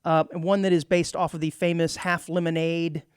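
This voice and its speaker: Higher-voiced man co-hosting a radio chat. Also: little pitch movement, moderate pace, clean tone, no echo, studio quality. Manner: chatty, jokey, reads news items aloud. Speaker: radio show co-host. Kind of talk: casual studio chat. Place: radio studio.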